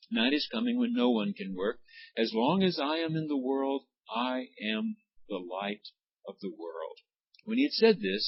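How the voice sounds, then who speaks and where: A man leading a church Bible study, reading scripture aloud and pausing to explain words and their pronunciation. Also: medium pitch, breathy edge, highs cut off. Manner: reads passages aloud, then stops to explain words and pronunciation. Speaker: Bible study teacher, pastor. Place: church classroom.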